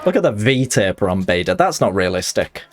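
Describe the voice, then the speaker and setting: Excitable man streaming a game. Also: fairly low pitch, normal speed. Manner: excitable, chatty, jokey. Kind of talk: live gaming commentary.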